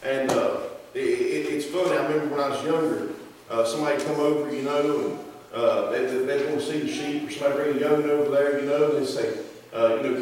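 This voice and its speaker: A man's voice: medium pitch, fairly quick, distant mic, a little hiss or hum. A man preaching a sermon in a church, moving from folksy storytelling into fervent preaching. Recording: echoey hall, voice from afar.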